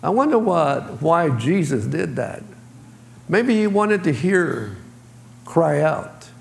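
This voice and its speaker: A man's voice: fairly high pitch, very animated, takes it slowly, creaky. A man preaching a sermon as pastor, speaking in plain colloquial phrasing and acting out voices. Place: church sanctuary. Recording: echoey church hall.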